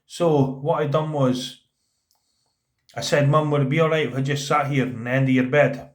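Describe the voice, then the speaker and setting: A man tells a personal story on a vlog. He speaks earnestly, stumbles and repeats words, and often drops to a quieter voice when quoting people. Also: medium pitch, steady tone, moderate pace. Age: 30s. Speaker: vlogger telling a personal story. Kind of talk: casual spoken storytelling.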